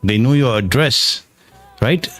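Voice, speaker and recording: An earnest man speaks in a middle-pitched voice and explains things step by step. His voice is recorded dry, with no room sound. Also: lively intonation, slow pace, a bit bright, no echo, soft background music. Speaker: co-host. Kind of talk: casual panel chat.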